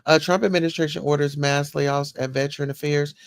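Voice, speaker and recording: A woman's voice: low-pitched, fairly even intonation, brisk, smooth, dry recording, studio quality. A woman hosting a casual livestream, chatting as she reads news and viewer comments aloud and reacts to them. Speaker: livestream host.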